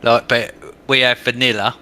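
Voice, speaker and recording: A man's voice: medium pitch, level tone, moderate pace, sharp tone. A man with an English accent in casual, blunt, joking chat as a podcast co-host. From England. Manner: blunt, swearing, bantering.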